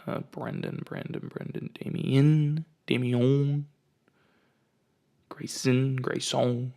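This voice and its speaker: A man with a heavily gravelly, creaky voice hosts a casual comedic podcast from his house. He rambles through stories and riffs with a jokey, ranting edge, speaking into a home microphone at a middle pitch. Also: little pitch movement, slow pace, dark tone. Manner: ranting, jokey storytelling with asides. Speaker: podcast host.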